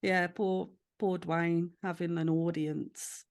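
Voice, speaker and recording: Animated woman hosting a chat. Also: lowish voice, takes it slowly. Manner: animated storytelling, acting out quoted voices. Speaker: podcast host. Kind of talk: casual chat.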